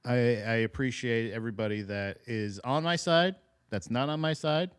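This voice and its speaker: A man chats easily on a casual podcast, often laughing. He reacts to chat comments in a relaxed, friendly way. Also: mid-range voice, moderate pace, clean tone. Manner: laid-back, laughs often, reads chat comments aloud. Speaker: podcast co-host.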